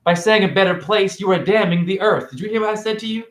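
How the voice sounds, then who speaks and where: A man giving a rambling, confrontational livestream monologue. He fires off rhetorical questions, and his pitch swings widely. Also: fast, roomy sound. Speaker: spiritual vlogger and store cashier.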